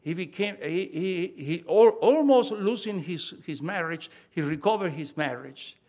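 An older man with a high-pitched voice delivers a sermon. He preaches with emphasis, hammers home key phrases, and often stops to restart his sentences. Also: animated, normal speed, darkish tone.

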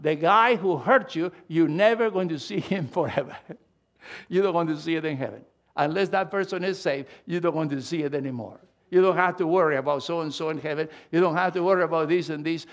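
A man preaching a sermon, emphatic and animated, swinging between loud and hushed delivery with halting restarts. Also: fairly high pitch. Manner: halting restarts and repeated words.

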